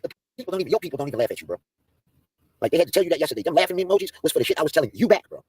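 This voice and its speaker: Man, husky voice, fast and lively, dry sound, profane mocking livestream rant. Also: on the high side, dry recording. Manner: brash, profane trash talk; mocking and roasting.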